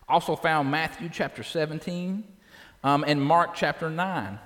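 An animated male pastor preaching a sermon, with a fairly high voice. He poses questions to the congregation, and his words ring out with a long reverb from a large church hall. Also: measured pace.

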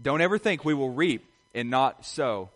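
A man's voice: medium pitch, expressive, normal speed, a bit bright. A man preaching a sermon as pastor, earnest and repetitive, often asking rhetorical questions to his congregation.

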